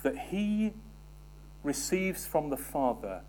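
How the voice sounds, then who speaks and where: A man preaches a sermon in a fairly high, very animated voice at a slow pace, with slight hiss or hum. He swings from emphatic scripture reading to soft, almost whispered asides and questions for the congregation.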